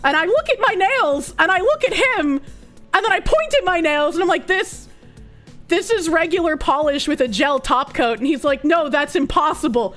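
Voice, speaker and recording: A young woman streamer telling a story in casual chat, animated and profane, laughing often and acting out what others said. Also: very high-pitched, normal speed, faint music behind.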